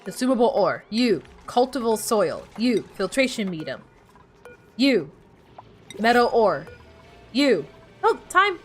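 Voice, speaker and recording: A woman's voice: fairly high pitch, sing-song, measured pace, pauses often, soft background music. A woman streamer chatting casually while playing, rambling and bossing her game characters around. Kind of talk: casual gameplay chat.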